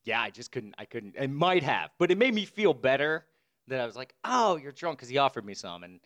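A man tells a rambling story in casual chat. His pitch rises and falls with lively swings. He laughs easily between lines. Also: fairly quick. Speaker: podcast co-host. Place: Brooklyn.

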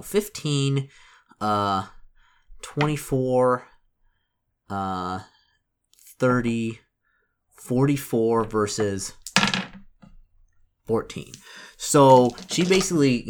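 Man, slightly low voice, narrating a solo tabletop game and dice rolls; halting, stop-start delivery. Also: noisy background. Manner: halting, full of repetitions and restarts. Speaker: solo tabletop role-player.

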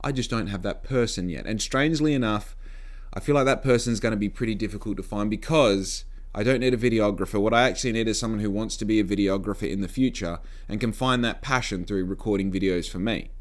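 A man with a lowish voice vlogs casually to camera at a quick pace, blunt and sarcastic and swearing freely. He's a podcaster and vlogger, and the talk is captured on a phone microphone.

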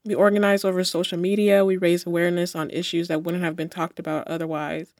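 A woman hosts the discussion, delivering prepared rhetorical questions in a measured voice. The sound is dry and close. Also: on the low side, little pitch movement, darkish tone, no room sound. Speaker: host. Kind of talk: reading scripted questions.

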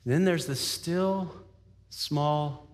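A male pastor preaching a sermon, telling a story with lively acted-out voices and frequent laughs. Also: a little high, slow pace, long reverb tail, a little hiss or hum. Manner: animated storytelling, acts out voices, laughs often.

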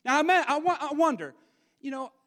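A man preaching a sermon and reading from the Bible, emphatic and swinging from loud to hushed. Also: extremely high pitch, fairly quick, in a large hall.

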